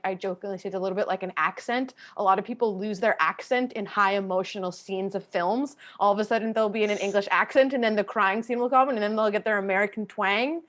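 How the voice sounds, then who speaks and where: Woman, panel guest over a video call, mid-pitch, frank and fired up, the odd casual swear. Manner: passionate, candid, swears casually. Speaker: panel guest, theater artist. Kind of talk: panel discussion talk.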